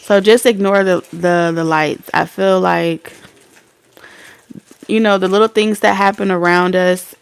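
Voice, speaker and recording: A woman's voice: fairly low pitch, steady tone, a little slow, creaky, clean tone. A woman hosting a live tarot reading, chatting casually and folksily with her viewers. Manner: chatty, reads out viewer comments, folksy slang. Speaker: tarot reader.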